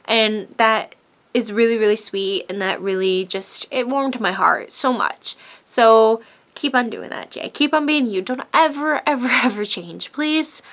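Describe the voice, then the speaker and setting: A woman vlogger tells a personal story in a chatty, gushing way. Her voice sits high, and she laughs often as she talks. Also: fairly bright tone.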